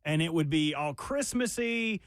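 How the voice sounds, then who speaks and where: A woman co-hosting a radio show, animated and exasperated, sometimes stammering as she searches for words. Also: low-pitched, measured pace, dry recording, clean studio sound. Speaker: radio co-host. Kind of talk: casual radio banter. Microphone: studio microphone.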